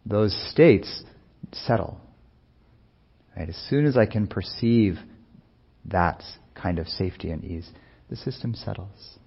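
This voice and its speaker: A man speaking as a meditation teacher in a soft-spoken, unhurried, musing way, with many pauses. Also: on the low side, expressive, vocal fry, slightly rough, dull audio. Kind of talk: reflective dharma talk.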